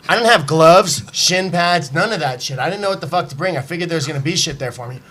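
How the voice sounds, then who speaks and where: A man telling a story in casual podcast chat, animated and profane, acting out what people said. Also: on the high side, fast talker. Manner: animated, profane, acts out quotes. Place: podcast studio, live.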